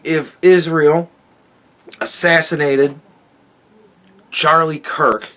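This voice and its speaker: A man's voice: on the high side, fairly bright tone. A man hosting a solo commentary podcast, ranting in a profane, sarcastic, exasperated way. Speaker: podcast host.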